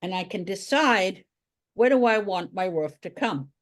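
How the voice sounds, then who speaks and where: Woman, art teacher, drawing tutorial, chatty, thinks aloud while drawing, mid-pitched voice. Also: lively intonation, moderate pace.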